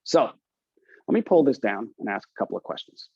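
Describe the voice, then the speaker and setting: A man's voice: medium pitch, very animated, normal speed, vocal fry, darkish tone, husky, no echo, highs cut off. A man coaching real estate agents on a group video call, encouraging them and asking them questions. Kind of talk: coaching session talk.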